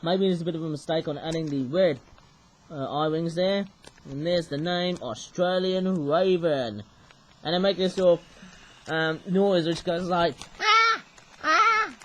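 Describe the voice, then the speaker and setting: A man's voice: on the high side, slight background noise, poor audio. A man chatting casually as he shows off toys, rambling and often ending sentences with "eh?". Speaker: toy reviewer. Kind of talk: casual show-and-tell vlog.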